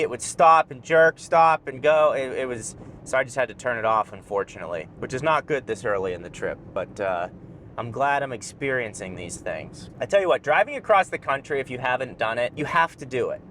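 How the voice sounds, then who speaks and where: Young male road-trip vlogger, mid-pitched, rambling jokes, faint road noise in the car. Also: a bit bright. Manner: joking, rambling asides. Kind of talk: casual driving vlog commentary. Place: inside a car while driving.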